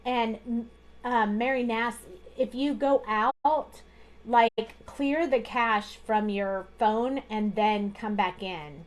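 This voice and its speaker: A woman's voice: on the high side, takes it slowly. A woman hosting a live card-making tutorial, chatting casually as she talks through each coloring step at her craft desk.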